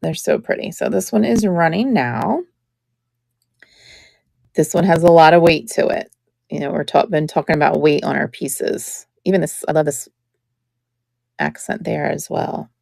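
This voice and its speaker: A middle-aged woman selling vintage jewelry on a live stream, chatting in an admiring, unhurried way. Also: sits low, vocal fry, a little mellow, no echo, clean studio sound. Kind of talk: live-stream sales chat.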